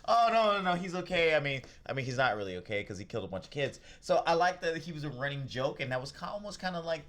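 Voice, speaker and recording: Animated man chatting about films. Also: mid-range voice, fast. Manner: animated, acts out quotes in lively voices. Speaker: podcast co-host. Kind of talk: casual film review chat.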